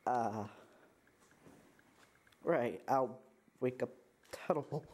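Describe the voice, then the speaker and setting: A man's voice: mid-range voice, very slow, darkish tone. A young man acting in an amateur short film, talking nervously with constant stammers and restarts. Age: young adult.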